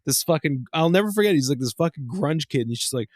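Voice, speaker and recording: Animated swearing podcast guy. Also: fast talker, dry recording, clean studio sound. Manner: animated storyteller, swears, acts out quotes in high voices. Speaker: podcast co-host. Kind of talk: casual chat.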